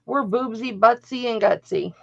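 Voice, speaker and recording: In dull, lo-fi livestream audio, a woman co-hosting a live sale tells stories in a casual, joking way and acts out other people's words. Her voice is a bit high and creaky, at a moderate pace.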